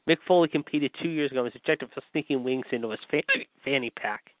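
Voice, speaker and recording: A man's voice: mid-range voice, quick pace, no room sound. Rambling man reading news over a phone. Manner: rambling, repeats "however" and "apparently". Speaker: podcast co-host. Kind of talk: reading wrestling news aloud. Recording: dry, phone-like line.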